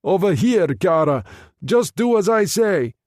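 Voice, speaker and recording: A man's voice: high voice, sing-song, a little slow, darkish tone, no room sound, studio quality, pitched above the performer's own voice. A man voicing a bold, charming Italian man in the water, jaunty and teasing in manner. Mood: shouting.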